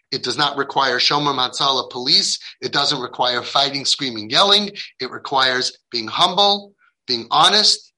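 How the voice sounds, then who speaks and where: A man's voice: on the high side, sharp tone, poor audio. A man giving a heartfelt lecture to parents, speaking emphatically, acting out the dialogue he quotes, and dropping in Hebrew and Yiddish religious terms. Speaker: parenting guide addressing parents.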